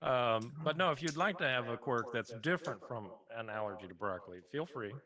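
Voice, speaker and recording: Bright-voiced man running the game. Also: mid-range voice, expressive, fairly quick. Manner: easygoing, loose with fillers. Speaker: game master. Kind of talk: casual chat running a tabletop game online. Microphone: desk mic shared in a room with another player. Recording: roomy voice-chat sound with reverb.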